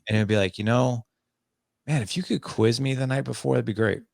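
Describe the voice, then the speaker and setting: A man's voice: mid-range voice, fairly quick, vocal fry, no room sound, studio quality. A man in his forties, a parenting coach guest on a podcast, telling stories and acting out talks with his son. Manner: animated, acts out dialogue with his son. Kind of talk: conversational interview storytelling.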